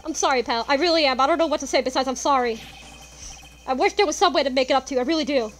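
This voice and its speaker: A woman's voice: high voice, rapid-fire, faint music behind, natural voice. A woman voicing a clumsy, loyal male police detective in a courtroom game, talking in an apologetic, folksy way. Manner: apologetic, folksy, says "pal".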